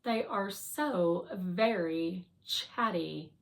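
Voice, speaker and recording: A woman's voice: fairly low pitch, drawn-out words, creaky, exaggerated voice. A woman voicing a stiff, formal guardian robot that speaks primly and teases dryly. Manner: prim and formal, dryly teasing.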